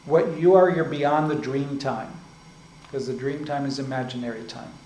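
A man giving a spiritual discourse as a teacher. He explains slowly and often checks in with "right?" and "like this". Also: medium pitch, steady tone, a little mellow. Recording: echoey room with faint ambient noise.

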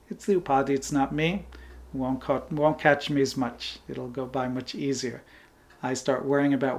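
A man with a slightly high voice gives an unhurried spiritual teaching talk, explaining ideas patiently. He laughs lightly as he goes and rounds off his points with a gentle "right?" or "like this". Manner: unhurried, often ends points with a soft "right?" or "like this". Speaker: Vedanta teacher.

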